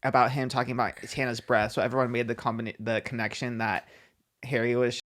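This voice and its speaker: A woman co-hosting a podcast, casually recounting gossip with a relaxed, giggly manner. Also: rumbling low, fast talker. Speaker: podcast co-host. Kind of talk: casual chat.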